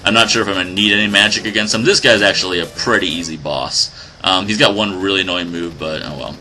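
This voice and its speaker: A man giving casual, chatty commentary while playing a video game, excitable and joking, often laughing. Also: deep voice, fast talker, a little hiss or hum. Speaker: let's play host. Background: faint game music.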